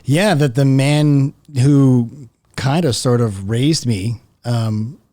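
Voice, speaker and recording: A man's voice: mid-range voice, takes it slowly, dark tone, no echo, studio quality. A man in his fifties, a podcast guest telling a personal story in a chatty, laughing way. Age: 50s. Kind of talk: casual storytelling interview.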